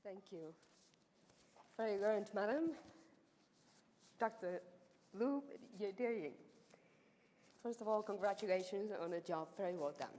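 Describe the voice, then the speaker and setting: Woman supervisor doing a laudatio, low-ish voice, teasing and chatty, echoey hall with faint hum. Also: darkish tone. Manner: chatty and teasing within a formal address, with many fillers. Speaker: PhD supervisor giving the laudatio. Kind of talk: ceremonial speech. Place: university ceremony hall.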